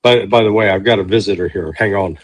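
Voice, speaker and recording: A man who is a guest on a podcast, chatting in a relaxed, agreeable way with some halting restarts. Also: on the low side, dry recording. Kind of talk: casual conversation.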